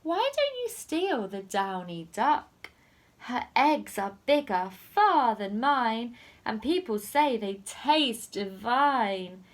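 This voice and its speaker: A woman's voice: a little high, sing-song, slow pace. A woman voicing a crafty fat red hen in a storybook reading.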